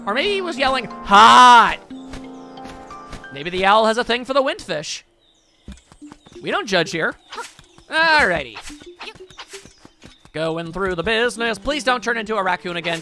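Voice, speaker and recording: A man's voice: sits high, sharp tone. A man giving sarcastic, joking let's play commentary as host of his gaming channel.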